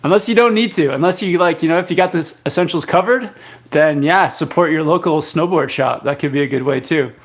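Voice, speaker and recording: A man's voice: fairly high pitch, fairly quick. A young man from Canada hosting a live stream, casually reading viewer comments aloud and answering with lots of fillers and restarts. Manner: relaxed, rambling, many fillers and restarts. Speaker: live chat host.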